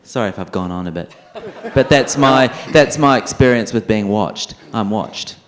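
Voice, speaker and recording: A filmmaker on a festival panel, telling a long story and acting out the other people in it. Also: male voice, lowish voice, moderate pace. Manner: animated, acts out the other people in his story.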